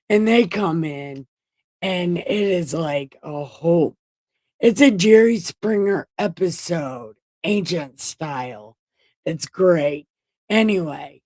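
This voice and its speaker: A woman's voice: lowish voice, a little mellow, no room sound. A woman hosting a casual livestream Bible reading from home, joking, swearing and playfully boastful. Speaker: host reading the Bible aloud.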